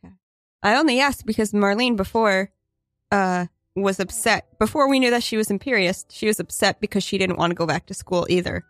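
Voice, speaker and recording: A woman playing a tabletop role-playing game, asking questions in a halting way. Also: mid-range voice, no echo. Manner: inquisitive, halting. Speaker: player.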